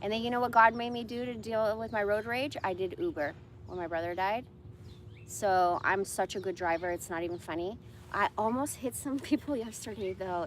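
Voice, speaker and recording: A woman's voice: mid-range voice, steady tone, fairly quick, a little hiss or hum. A woman in her forties ranting bluntly and profanely in a casual livestream monologue. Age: 40s.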